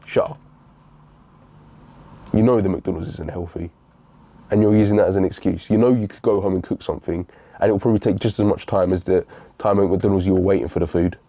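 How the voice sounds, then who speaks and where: A man's voice: low voice, steady tone, a little fast, long pauses, dark tone, no echo. Blunt young man. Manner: blunt, repetitive, addresses listener as bro. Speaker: fitness motivational speaker. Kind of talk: blunt motivational talk.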